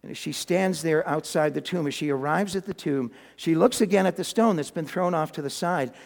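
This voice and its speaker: A man preaching a sermon, retelling a story in a lively way with folksy, humorous asides. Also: high-pitched, in a large hall.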